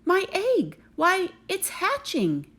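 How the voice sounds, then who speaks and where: A woman voicing a faithful, gentle male elephant in a storybook reading, speaking earnestly and sincerely. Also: on the low side, sing-song, slow pace, full character voice. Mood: overjoyed.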